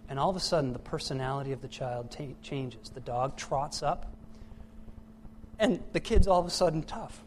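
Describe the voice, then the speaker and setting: A middle-aged man preaching to a church congregation. He moves between hushed, reflective passages and loud, emphatic ones. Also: medium pitch, moderate pace. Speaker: pastor. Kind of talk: sermon.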